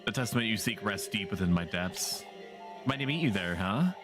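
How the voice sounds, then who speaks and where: A man's voice: fairly low pitch, expressive, normal speed, lightly acted. A man reading as a sly, teasing forest spirit. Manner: reading game text aloud, mildly theatrical. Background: game music.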